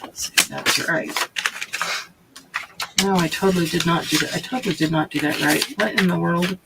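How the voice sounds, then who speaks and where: A woman's voice: on the low side, fairly even intonation, normal speed, creaky. A woman hosting a live crafting session, chatting casually and thinking aloud as she works. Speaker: crafting host. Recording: loud background noise.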